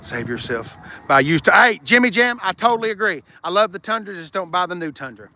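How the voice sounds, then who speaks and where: This car vlogger speaks in a high, animated voice with a sharp tone, fairly quickly, and with no echo. He's walking an outdoor dealership lot on a live stream, chatting profanely and casually while reading out viewer comments.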